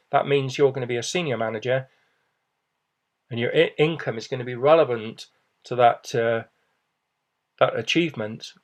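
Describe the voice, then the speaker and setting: A middle-aged man giving a persuasive business presentation, reassuring and often adding "okay" and "you know". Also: medium pitch.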